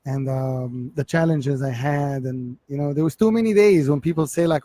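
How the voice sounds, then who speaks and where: A man in his forties from Egypt with an Egyptian accent, telling his life story as an interview guest, halting and repeating words as he looks for the English. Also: medium pitch, mellow.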